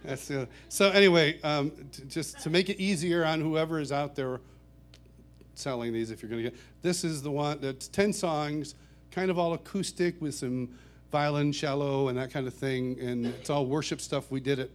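A middle-aged man, a worship songwriter, telling personal stories to a church audience in a warm, chuckling, self-deprecating way. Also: a little high, fairly even intonation, moderate pace. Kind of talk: anecdotal storytelling talk.

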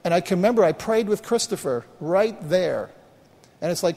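A man's voice: high voice, expressive, normal speed, dark tone, in a large hall. A middle-aged man preaching a sermon as pastor, in a folksy, conversational way full of rhetorical questions and restarts.

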